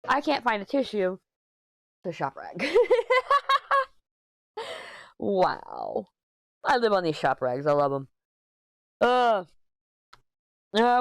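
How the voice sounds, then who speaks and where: A tearful woman speaks openly to her viewers, rambling and swearing as she works through her feelings. Her voice is low and smooth, recorded dry and close with no room sound. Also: no echo. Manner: candid, emotional, swearing, rambling with restarts. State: tearful, upset. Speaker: crafting channel host. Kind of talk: casual chat to camera.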